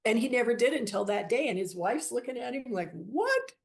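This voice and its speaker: Woman guest, gravelly voice, lively storyteller who acts out quoted people. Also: on the high side, fast. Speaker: guest, shop owner. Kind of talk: storytelling interview.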